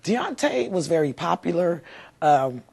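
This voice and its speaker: A woman's voice: fairly low pitch, very animated, measured pace, creaky, a little mellow, husky. Heartfelt mother recalling her son. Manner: heartfelt, rambling with many fillers. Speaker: mother interviewed. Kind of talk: emotional interview recollection.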